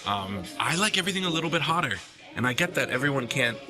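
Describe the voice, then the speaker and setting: This food vlog host speaks fast in a medium pitch with big swings up and down. He laughs a lot while casually reviewing food at a restaurant table, background music audible.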